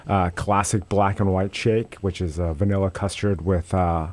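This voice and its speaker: Low-voiced man, halting and upbeat. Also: steady tone. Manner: halting, repeats words, upbeat. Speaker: restaurant regional director, guest. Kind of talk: casual interview. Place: radio studio.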